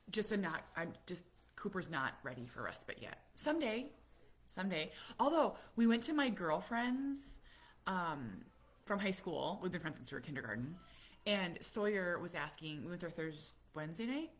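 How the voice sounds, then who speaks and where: A middle-aged American woman telling stories in a casual live chat, animated and acting out what people said. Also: on the low side. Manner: storytelling, animated, acts out quotes. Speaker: vlogger, autism parent.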